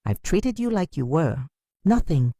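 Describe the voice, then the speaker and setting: A woman's voice: sits low, big pitch swings, unhurried, dark tone, no echo, studio quality, exaggerated voice. A woman voicing a remorseful adult daughter, tearful and pleading, with a broken voice.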